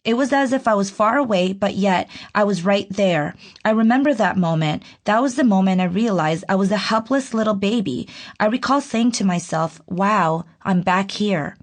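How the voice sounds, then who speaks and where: A woman narrating her own audiobook in an earnest, reflective, measured way. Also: mid-range voice, animated. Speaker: author reading her own book.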